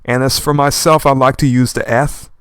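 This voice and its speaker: Young man with a slight lisp, animated. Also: medium pitch, clear, resonant tone, no echo, clean studio sound. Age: young adult. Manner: old-fashioned verb endings like "worketh" and "seemeth"; animated, fast and passionate talker. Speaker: channel host reading a manga aloud. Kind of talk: rambling commentary while reading aloud.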